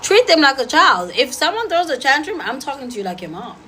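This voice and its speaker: A woman's voice: sits high, big pitch swings, sharp tone, rough recording. A woman giving blunt, sassy dating advice in casual talk to an audience. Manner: blunt, sassy, rapid-fire.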